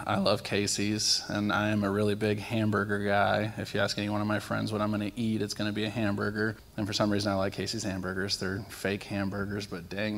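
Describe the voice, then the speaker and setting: Young man, casual sermon testimony, animated storyteller, gravelly voice, church hall reverb. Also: on the low side. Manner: animated storytelling with acted-out quotes. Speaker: lay speaker sharing testimonies. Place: church sanctuary.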